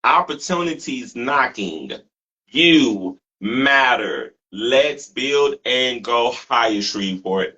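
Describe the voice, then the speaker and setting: A man's voice: medium pitch, bright, forceful tone, low-quality recording. A man hosting a talk show, earnestly thanking his guest and viewers. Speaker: host. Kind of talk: casual talk show sign-off.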